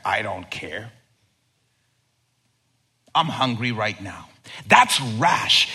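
A man preaching a sermon as pastor, animated, acting out quoted lines and swinging from loud to hushed. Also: medium pitch, slightly rough. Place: church sanctuary. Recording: long reverb of a large hall.

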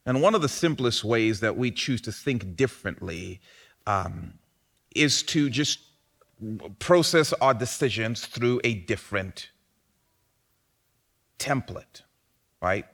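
A pastor delivers a sermon in a medium-pitched voice that swings widely, rising to loud, emphatic peaks before falling back to quieter, lower passages. He is animated and expressive, takes it slowly, pauses often, and has vocal fry.

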